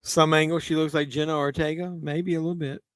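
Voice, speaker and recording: A man's voice: fairly high pitch, level tone, a little fast, clean tone, dry recording, clean studio sound. A man with a Southern drawl hosting a casual movie watch-along livestream, joking loosely while drinking. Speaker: livestream host.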